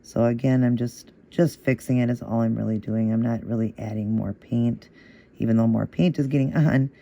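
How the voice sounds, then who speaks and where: The audio is dull as a man at normal speed explains nail art in an easygoing, stepwise manner. His voice is mid-range, gravelly and mellow, and he repeats every step patiently and steadily, offering encouragement throughout.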